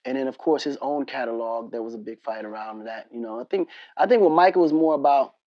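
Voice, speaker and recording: A man as an interview guest, telling casual, animated stories full of slang and laughter. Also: medium pitch, fast, no echo, muffled recording. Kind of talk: casual storytelling conversation.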